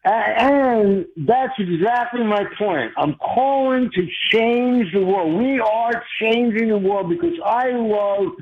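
Brief: earnest rambling male caller, very high voice, slow, muffled phone line. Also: husky. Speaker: regular caller. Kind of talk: phone-in radio call.

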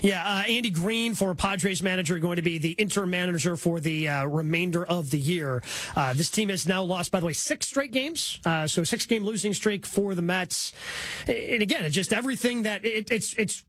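A man's voice: sits high, moderate pace, a bit bright, dry recording. A man hosting a casual sports talk show, leading the discussion. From based in Milwaukee.

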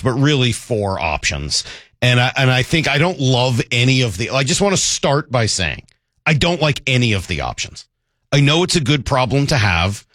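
A man's voice: medium pitch, a bit bright, no echo, studio quality. A man hosting a sports talk radio show, talking in a conversational, self-deprecating way with frequent restarts.

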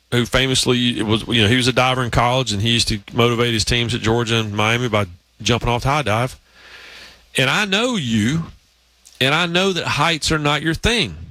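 A man's voice: medium pitch, sharp tone, dry recording. A man hosting a sports talk show, telling long stories in a casual, rambling way. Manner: storytelling, rambling with restarts. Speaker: podcast host.

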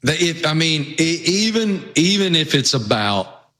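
A man's voice: on the high side, very animated, a little slow, a bit bright. A man with a Southwest Virginia accent, co-hosting a casual sports chat and telling rambling, folksy stories. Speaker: co-host.

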